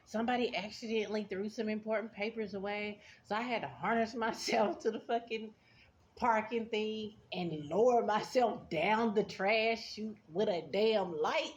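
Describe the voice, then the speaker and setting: A woman's voice: medium pitch, moderate pace. A woman telling a casual storytime to her viewers, blunt and sassy, laughing often as she talks. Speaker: vlogger. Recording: dull lo-fi sound with faint background noise.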